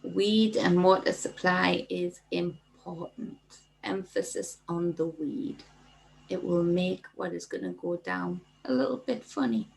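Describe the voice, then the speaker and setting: A woman hosting a casual livestream, chatting warmly and reading viewer comments aloud. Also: on the low side, measured pace, creaky, few pauses, poor audio. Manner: chatty, reads viewer comments aloud and thanks them by name. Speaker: livestream host.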